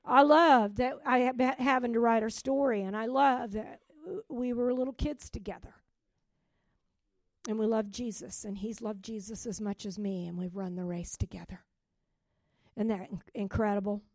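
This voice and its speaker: A middle-aged woman pastor giving an emotional testimony sermon, dropping to soft whispers and rising to loud joyful outbursts. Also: a little high, steady tone, normal speed, dry recording, clean studio sound.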